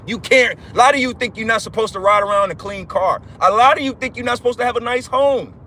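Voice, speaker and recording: A man's voice: extremely high pitch, fast, sharp tone, slight background noise. A man preaching fervently on a livestream, repeating himself, swearing and calling his listeners brothers. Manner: fervent, repetitive, profane, addresses listeners as brothers.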